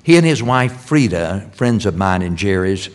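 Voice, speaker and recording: An older man preaching a sermon in a church, repeating key phrases and swinging from loud emphasis to hushed lines. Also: deep voice, very animated, moderate pace. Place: church sanctuary.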